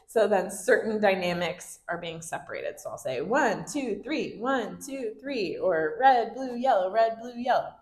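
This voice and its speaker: A woman giving a training talk to children's ministry volunteers, upbeat and acting out classroom phrases in a bright teacher voice. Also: lowish voice. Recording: roomy echo.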